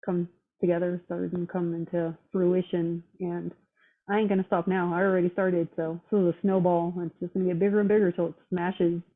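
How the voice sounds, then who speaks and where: A woman's voice: fairly low pitch, level tone, brisk. A woman in casual chat, talking bluntly and with heavy profanity, fired up and determined. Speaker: roundtable guest. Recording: tinny phone-line audio.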